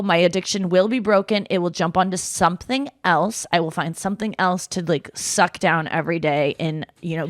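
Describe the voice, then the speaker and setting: A woman's voice: on the low side, no room sound, clean studio sound. A woman hosting a podcast, chatting casually and rambling in a self-mocking way. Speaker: podcast host. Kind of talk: casual chat.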